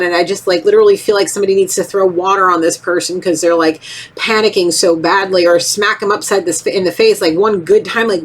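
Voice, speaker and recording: A woman's voice: on the low side, a little fast, breathy edge. A woman in her thirties giving a casual, rambling tarot reading, often acting out little voices. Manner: rambling, animated, acts out voices. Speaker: tarot reader.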